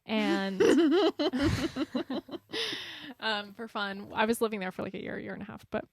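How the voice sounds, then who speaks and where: A woman hosts a podcast and tells stories in an animated, chatty way. Her voice sits a little on the high side. It is recorded close and dry, with no room echo. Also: unhurried, vocal fry. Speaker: podcast host and cinematographer. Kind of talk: casual chat.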